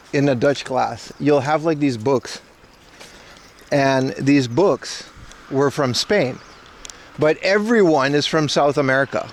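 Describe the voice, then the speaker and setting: On a casual outdoor livestream, a Caribbean man in his thirties chats with viewers in a medium-pitched voice as he walks the streets, with slight background noise. The IRL streamer is chatty and rambling, joking with chat through a camera rig carried while walking.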